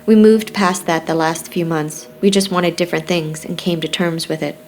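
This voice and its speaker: A woman's voice: on the low side, fairly even intonation, moderate pace, a little mellow, faint music behind, natural voice. A woman reading the lines of a curt, sarcastic young widower in an audiobook.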